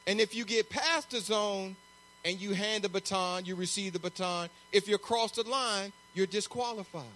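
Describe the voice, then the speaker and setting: A man preaching a sermon as pastor, conversational and animated, acting out little asides. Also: sits high, normal speed, a little hiss or hum.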